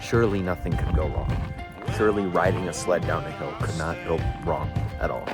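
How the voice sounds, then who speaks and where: Young man, lowish voice, excitable and sarcastic, travel vlog outdoors, loud music bed underneath. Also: fairly quick. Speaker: travel vlogger. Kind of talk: casual vlog narration. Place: outdoors at sand dunes.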